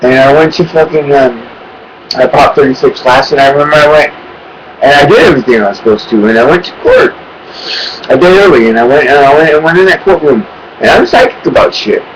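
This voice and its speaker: A man's voice: medium pitch, fairly quick, noisy background. A man telling a personal story to his webcam in a rambling, urgent way, swearing often and repeating himself. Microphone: webcam microphone.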